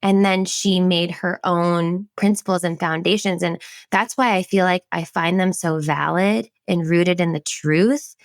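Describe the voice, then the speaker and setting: This is a woman in her thirties, hosting a podcast in a relaxed, chatty way. She has a low voice with a gravelly edge, and she tells her stories with a lot of enthusiasm. The sound is dry and close. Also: unhurried, dry recording. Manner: enthusiastic, animated storytelling. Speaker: podcast host. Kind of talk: casual interview chat.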